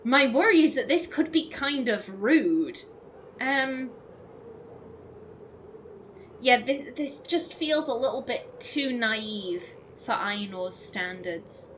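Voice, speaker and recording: A chatty woman hosting a let's play, gushing and musing over gameplay with lots of fillers and restarts. She talks slowly in a fairly high voice. A faint hiss of noise sits behind her. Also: animated, fairly bright tone. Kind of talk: casual gameplay commentary.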